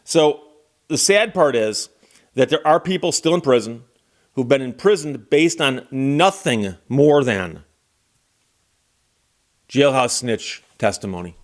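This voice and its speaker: A man giving casual, wry legal commentary and talking straight to the viewer in a conversational way. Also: medium pitch.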